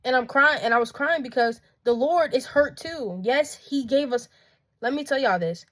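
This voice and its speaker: A woman's voice: high-pitched, moderate pace. A woman preaching in a passionate, emphatic monologue and repeating her phrases. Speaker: faith vlogger.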